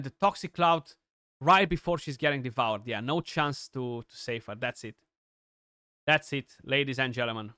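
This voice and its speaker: A young man giving chatty, excitable live commentary on his gameplay, with many restarts and fillers. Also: medium pitch, no echo, clean studio sound. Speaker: gaming streamer.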